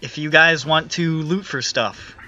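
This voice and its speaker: A man's voice: on the high side, measured pace, bright, forceful tone. A man running a tabletop game as game master, narrating in a loose, casual way. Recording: muffled audio with faint music.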